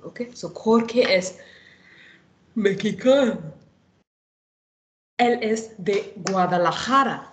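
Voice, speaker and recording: A woman's voice: mid-range voice, roomy sound, rough recording. A woman teaches a Spanish lesson, explaining step by step and often checking in with "no?" and "okay?". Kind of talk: online lecture.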